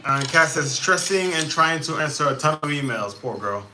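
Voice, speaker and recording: A man's voice: fairly high pitch, expressive, moderate pace, pushed and bright, slight background noise. A man hosting a live chat stream, venting about his frustrations and stumbling through many restarts. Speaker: livestream host. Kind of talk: casual live-chat talk.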